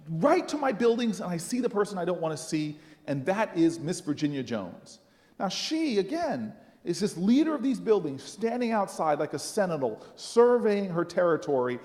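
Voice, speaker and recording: A man, a senator speaking at a rally, telling a personal story in an animated, dramatic, self-mocking way in a large hall. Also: high voice. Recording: long reverb from a large hall.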